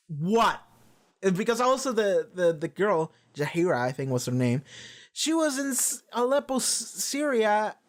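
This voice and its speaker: A man hosting a reaction video, chatting casually and rambling with frequent swearing and restarts. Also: high voice. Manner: rambling, profane, lots of restarts. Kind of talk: casual rambling episode discussion.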